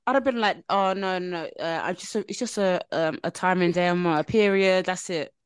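A woman co-hosting a podcast, talking in a lively, expressive way with quick reactions. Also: lowish voice, clear, resonant tone, no room sound, studio quality. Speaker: podcast co-host. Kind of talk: casual chat.

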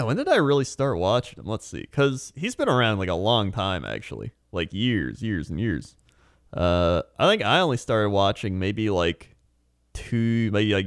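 A man chatting easily on a podcast, his pitch swinging up and down as he rambles through his thoughts. He leans on fillers and breaks into laughs, and his voice sits close and dry with no room sound. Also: dry recording. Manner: laid-back, rambling, many fillers and laughs. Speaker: podcast co-host. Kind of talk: casual chat.

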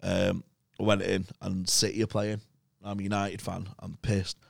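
A man's voice: low-pitched, normal speed, gravelly, no echo, studio quality. A young English man, a podcast guest, telling rambling, swear-filled stories in casual chat. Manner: swears a lot, rambling animated anecdotes.

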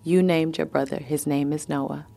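A woman's voice: deep voice, steady tone, normal speed, creaky, dark tone. A woman guest in an interview, chatting casually and telling family stories, laughing often and acting out what others said. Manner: laughs often, tells stories with quoted voices.

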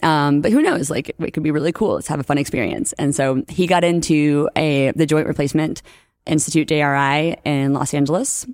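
Animated woman telling stories on a podcast. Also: low-pitched, a little fast, no room sound, studio quality. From New Orleans, USA. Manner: animated storyteller, acts out quotes, laughs often. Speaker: podcast guest, orthodontist. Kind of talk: casual interview chat.

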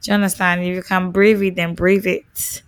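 A woman's voice: fairly low pitch, level tone, moderate pace, crowd noise. A Nigerian woman co-hosting a podcast, talking expressively in a casual chat and mixing Pidgin phrases into her English. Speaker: podcast co-host.

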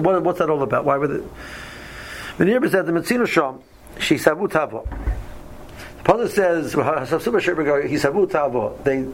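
A man's voice: fairly high pitch, a little hiss or hum, rough recording. A man leading a casual Torah study class, often stumbling over and repeating words, reading Hebrew verses aloud and then explaining them.

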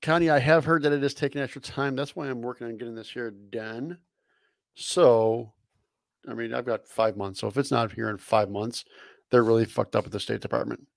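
A man's voice: medium pitch, steady tone, moderate pace, creaky, no echo, studio quality. A man co-hosting a casual sports chat show, laid-back and laughing along. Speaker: podcast co-host.

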